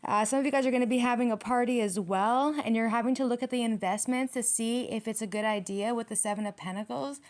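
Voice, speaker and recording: A woman's voice: on the high side, steady tone, quick pace, hardly any pauses, a little mellow. A woman giving a tarot reading straight to her viewers, blunt and heated, swearing freely. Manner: addresses viewers directly. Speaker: tarot reader.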